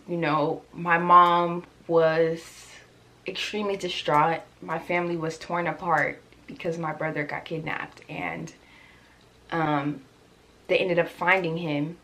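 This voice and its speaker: A woman's voice: lowish voice, slow. Chatty young woman telling a story. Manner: animated, chatty, addresses viewers as y'all. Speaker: vlogger. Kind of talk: storytime vlog.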